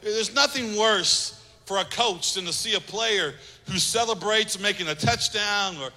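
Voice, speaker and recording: A man's voice: sits high, unhurried, pushed and bright. A man preaching a sermon as pastor, emphatic, repeating phrases and acting out little quotes. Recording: long hall reverb.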